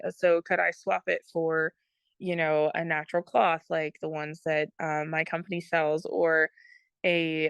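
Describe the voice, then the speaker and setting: A woman's voice: lowish voice, smooth, no room sound. A woman guest on an interview podcast, explaining earnestly with frequent ums. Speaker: guest, product consultant. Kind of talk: casual interview talk.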